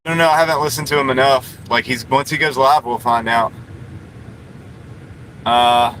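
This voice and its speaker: Man streamer, bright voice, loose rambling chat from a parked car on a phone mic, faint hum behind. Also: mid-range voice, steady tone, moderate pace, low-quality recording. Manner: rambling and chatty, many fillers. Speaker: livestreamer. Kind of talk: casual live stream chat reading comments.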